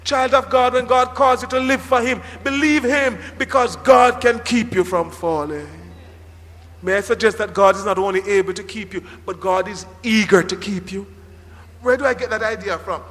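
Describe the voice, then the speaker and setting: A man preaching a sermon as pastor, animated, with dramatic emphasis and occasional shouts. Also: high-pitched, moderate pace. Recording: reverberant hall.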